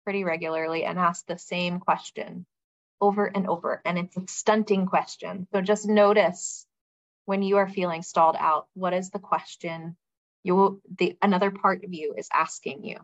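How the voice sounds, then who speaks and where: A woman's voice: on the low side, fairly even intonation, normal speed, dry recording. A woman leads a group coaching call, guiding a participant with direct, encouraging prompts. Her voice is dry and close, with dull, slightly muffled call audio. Her delivery stays practical and supportive.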